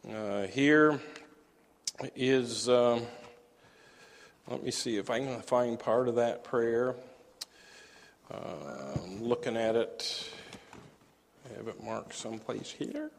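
A man preaching a teaching sermon, halting often with fillers and restarts. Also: medium pitch, a bit bright, big-room sound.

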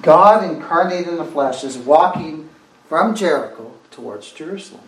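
A man's voice: fairly high pitch, animated, moderate pace, a bit bright, reverberant. A man preaching a sermon with fervor, repeating phrases and exclaiming "oh my" as he goes.

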